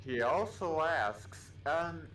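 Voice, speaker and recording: Animated man in an echoey room. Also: on the high side, slow pace, slight background noise. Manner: animated, reads questions aloud, stumbles on words. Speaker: co-host reading chat questions. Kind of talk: casual livestream chat.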